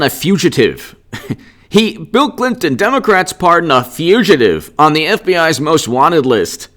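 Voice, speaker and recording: A man's voice: a little high, very animated, measured pace, fairly bright tone. A man giving unscripted political commentary in a combative, indignant and sarcastic rant.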